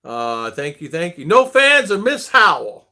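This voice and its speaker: A middle-aged man hosts a casual livestream, chatting easily and greeting viewers one by one. His voice is bright and sits a little high, and his pitch moves a lot as he talks. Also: huge pitch swings, measured pace. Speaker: livestream host.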